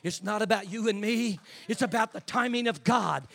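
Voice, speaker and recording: An older man preaching an impassioned sermon as a bishop, dropping to hushed asides and rising to shouts. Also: high voice, normal speed, vocal fry, hardly any pauses.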